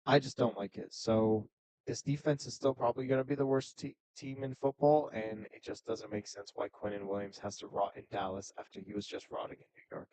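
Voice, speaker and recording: A man co-hosting a sports podcast, calmly reasoning through a football trade in casual talk. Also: fairly low pitch, brisk, no echo, poor audio. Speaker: podcast co-host.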